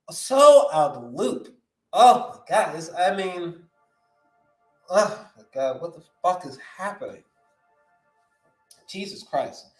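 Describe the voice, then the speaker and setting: Excitable, profane young man in an echoey room. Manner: excitable, profane, slangy, voice jumping high when worked up. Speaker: movie news host. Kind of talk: animated live-stream rant.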